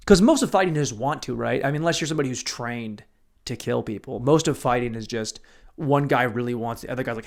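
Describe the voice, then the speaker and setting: A young man hosting a solo podcast, telling rambling, profane stories and breaking into sudden loud outbursts. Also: medium pitch, fast, creaky. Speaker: podcast host.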